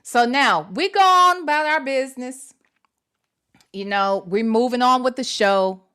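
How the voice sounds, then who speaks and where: A woman's voice: fairly high pitch, unhurried, pushed and bright, smooth. A woman hosting a casual livestream, talking to her audience in a chatty way, full of slang and swearing. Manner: chatty, swears freely, lots of slang and "y'all". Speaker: host.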